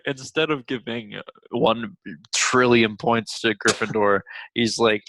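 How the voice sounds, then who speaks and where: A young man hosting a casual movie review chat, rambling with lots of fillers and quick laughs. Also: mid-range voice, fairly even intonation, sharp tone, a little hiss or hum, low-quality recording. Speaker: movie review podcast host.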